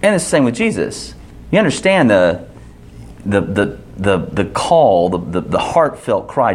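A man's voice: lowish voice, very animated, unhurried. A man leading an interactive Bible study, asking the group questions and restarting his sentences often.

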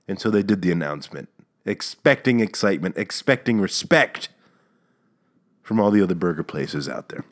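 A man's voice: low voice, animated, normal speed. A man hosting his own podcast, ranting casually and sarcastically with stammered restarts and bursts of mock outrage. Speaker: podcast host. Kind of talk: casual solo rant.

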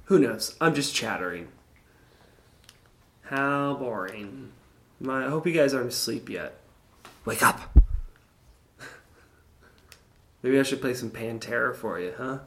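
Man, podcast host, mid-pitched and gravelly, rambling casual chat with crude humor. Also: animated, normal speed, fairly bright tone. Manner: rambling, jokey, crude humor, chats to listeners.

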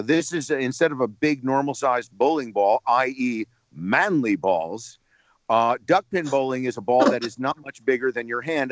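A man from New Jersey, a radio personality calling in to tell a lively anecdote, repeating words as he builds up the story. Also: medium pitch, no room sound, highs cut off.

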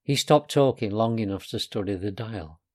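A man reading his own children's novel aloud in a gentle storytelling manner. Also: lowish voice, normal speed.

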